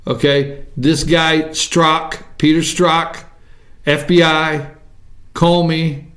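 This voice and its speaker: A high-voiced man hosts a political commentary show. He is combative and repetitive, and often slows down to stretch words out in mockery. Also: flat delivery, a bit bright. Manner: combative, repetitive, drawn-out mocking emphasis. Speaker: talk show host.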